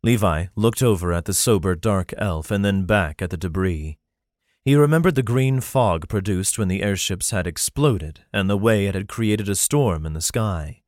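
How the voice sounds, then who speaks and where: A man narrating a fantasy novel in a steady, even storytelling manner. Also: low-pitched, normal speed, no echo, studio quality. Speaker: audiobook narrator.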